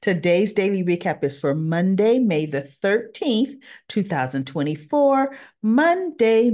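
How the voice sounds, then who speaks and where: A woman hosting a casual soap opera recap vlog, chatty and expressive as she retells the episode. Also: lowish voice. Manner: chatty and expressive, acts out quotes with laughs.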